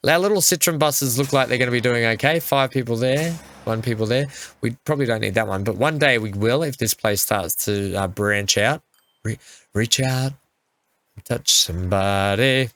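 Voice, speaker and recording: A man's voice: medium pitch, a little fast, fairly bright tone. A man hosting a game playthrough, chatting casually and talking to the vehicles on screen. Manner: chatty, talks to the game's vehicles. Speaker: gaming channel host. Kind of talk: let's play commentary.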